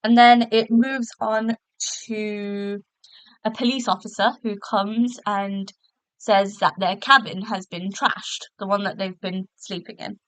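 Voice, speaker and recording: A woman's voice: medium pitch, fairly even intonation, takes it slowly, fairly bright tone, clean tone, dry recording, low-quality recording. A woman hosting a podcast, chatting casually through a review with lots of fillers and restarts, recorded in a hotel room. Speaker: podcast host.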